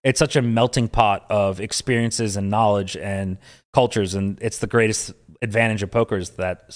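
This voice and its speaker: A man's voice: fairly low pitch, steady tone, moderate pace. A man from upstate New York, a poker player guesting on a podcast, talking in a loose, rambling way full of filler words. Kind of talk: casual podcast chat.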